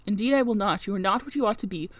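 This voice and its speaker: A woman voicing a blunt, suspicious old female servant who scolds in a rustic dialect, a little higher and louder than her own reading voice. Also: racing, no room sound, close to an everyday voice.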